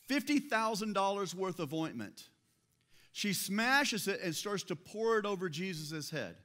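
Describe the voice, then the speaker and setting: A man's voice: on the high side, a bit bright. A man preaching a sermon in a conversational way, often asking the listeners rhetorical questions. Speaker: pastor.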